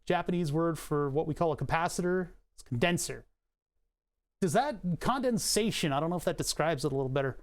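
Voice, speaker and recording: A man's voice: on the high side, animated, brisk. A man hosts a casual livestream, narrating his work at the desk with a slightly raised voice. He rambles, pokes fun at himself and trades jokes with the chat between steps. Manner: rambling, joking asides to chat, self-mocking. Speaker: streamer.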